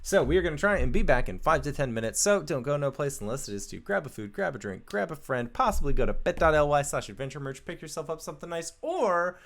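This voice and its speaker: Gravelly man announcing a show break. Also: a little high, lively intonation, quick pace, hardly any pauses, a bit bright. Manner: upbeat and promotional. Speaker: podcast host.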